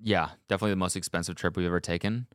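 A man's voice: deep voice, very fast, clean tone, dry recording, studio quality. A man in his thirties hosting a podcast in casual, playful chat with his wife and a friend. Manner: playful, lively, slips into mock voices. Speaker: podcast host.

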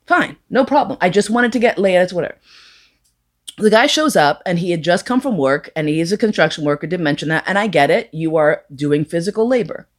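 A woman telling a bawdy story live, with frank profanity and lively acted-out dialogue. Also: fairly low pitch, brisk. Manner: profane, animated, acts out quoted voices. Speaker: storyteller guest.

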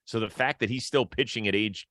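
Male podcast host, lower register, easygoing and upbeat, close dry studio sound. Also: fairly quick, pushed and bright, no room sound. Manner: chatty, upbeat, laughs often. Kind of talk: casual sports talk.

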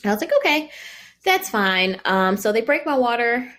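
Lively young woman telling a story. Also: a little high, brisk. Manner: chatty, laughs often, acts out quoted voices. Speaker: mother telling her birth story. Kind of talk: casual personal storytelling.

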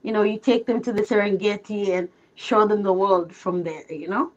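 A woman's voice: medium pitch, fairly even intonation, normal speed. Chatty confident woman caller, lo-fi audio. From Africa. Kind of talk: live call-in show.

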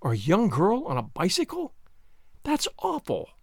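A man's voice: high voice, huge pitch swings, normal speed, vocal fry, a little mellow, husky, no echo, studio quality, heavily acted. A man voicing a fussy, anxious middle-aged schoolmaster who talks in a prim, mournful way. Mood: fretful lecturing.

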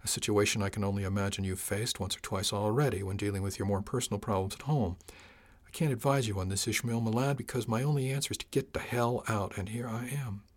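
A weary middle-aged starship captain with a lowish voice, as a male narrator plays him, speaking softly and quickly with plain, earnest candor. It is an audiobook character voice. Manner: soft, quick, earnest delivery.

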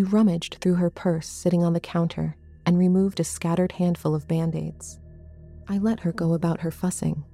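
A woman with a low, mellow voice reads a first-person horror story at a measured, suspenseful pace. Faint music plays softly behind her narration. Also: fairly even intonation, gravelly.

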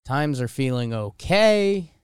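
Lively podcast co-host, smooth voice. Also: male voice, medium pitch, no echo. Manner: playful, jumpy, quick quips. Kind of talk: casual sports chat. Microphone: headphones and studio mic.

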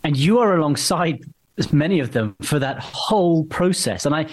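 A man's voice: on the high side, animated, normal speed. A man interviewing a guest, asking long, wandering, supportive questions.

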